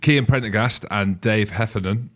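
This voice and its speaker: A man's voice: fairly low pitch, normal speed, a bit bright. A man in his forties co-hosting a rugby podcast, joking and teasing his way through casual analysis. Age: 40s. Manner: jokey, teasing. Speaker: podcast co-host.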